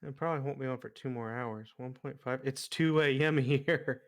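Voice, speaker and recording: A man chats casually while playing an online game with a friend. He tells jokes in a rambling way, full of pauses and fillers, at an ordinary middle pitch. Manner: rambling joke-teller with many fillers. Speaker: streamer. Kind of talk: casual gaming chat.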